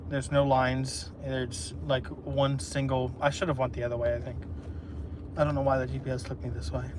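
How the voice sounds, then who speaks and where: Chatty man vlogging from his car. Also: medium pitch. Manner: rambling, chatty, thinks aloud with fillers. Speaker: delivery driver vlogger. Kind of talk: casual talk to camera while driving. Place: in a car on rural roads. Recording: car recording with road noise.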